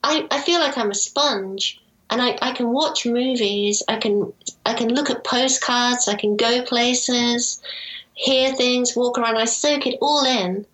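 A woman's voice: a little high, unhurried, a bit bright, poor audio. A woman from Europe, an author in casual conversation, talking hesitantly with many restarts as she thinks aloud. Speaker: author being interviewed.

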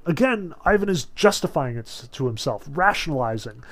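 A man casually lecturing on a novel, explaining its scenes in a relaxed way with many fillers. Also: on the high side, brisk, hardly any pauses. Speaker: literature lecturer.

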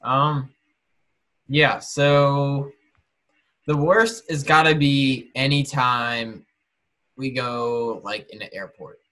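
A man co-hosting a casual podcast chat, telling a story in a relaxed way with fillers and imitating others. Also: medium pitch, very slow, pauses often. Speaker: podcast co-host.

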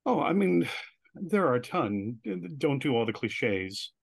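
A man speaking in a medium-pitched voice, telling stories with lively energy and slipping into other people's voices as he quotes them. His voice is recorded close and dry, with no room echo. He sounds like a guest in a casual interview. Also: unhurried, creaky, breathy edge. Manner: animated storyteller who acts out quoted voices.

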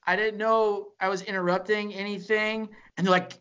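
A man's voice: high-pitched, clear, resonant tone, lo-fi sound. A man co-hosting a casual comedy podcast, telling profane stories and acting out the people in them. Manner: animated storyteller, acts out people in quick voices, profane.

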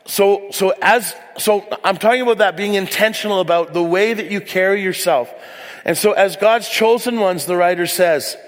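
This sermon comes from a pastor whose high-pitched voice fills a big room in a church hall. He tells candid stories that poke fun at himself and wanders into asides often.

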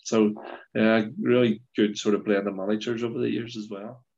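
A man's voice: lowish voice, flat delivery, normal speed, creaky, a little mellow. A middle-aged Northern Irish man, a former footballer, telling rambling stories with frequent laughs and restarts in casual chat. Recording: dull lo-fi sound.

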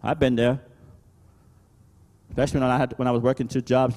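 A male pastor preaching a sermon, calling out "Amen?" to the congregation and swinging between loud emphatic exhortation and quieter talk. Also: mid-range voice, level tone, fairly quick, in a large hall. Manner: preaching with call-and-response "Amen?".

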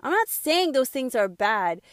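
A woman's voice: high-pitched, big pitch swings, measured pace, clean tone, no room sound, clean studio sound. Emphatic woman giving a fervent pep talk. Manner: emphatic, swears freely, preachy. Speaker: self-help speaker. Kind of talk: impassioned motivational monologue.

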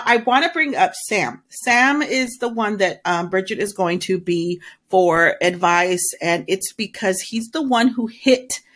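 A woman co-hosting a podcast in casual movie chat, excitable, her voice jumping up when she asks questions. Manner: excitable, pitch jumps up on questions. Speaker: podcast co-host.

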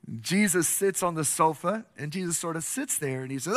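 A man's voice: on the high side, animated, a little fast. A pastor preaching a sermon, telling stories and building to earnest, impassioned appeals to his congregation.

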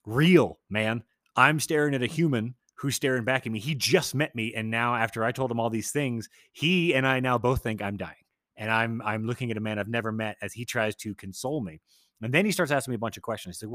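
Casual male storyteller, profane and excitable, quick delivery, dry close sound. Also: lowish voice, no room sound. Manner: profane, excitable, self-interrupting rambling.

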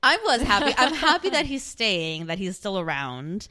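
A woman's voice: mid-range voice, very animated, normal speed, bright, forceful tone. A young woman co-hosting a casual podcast, rambling through a TV recap with lots of "like" fillers and frequent laughter. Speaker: podcast co-host. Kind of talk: casual chat recapping a TV show.

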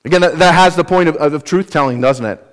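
A man's voice: fairly high pitch, quick pace. A man preaching an expository sermon, earnest and emphatic, explaining word meanings and putting rhetorical questions to his listeners. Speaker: pastor.

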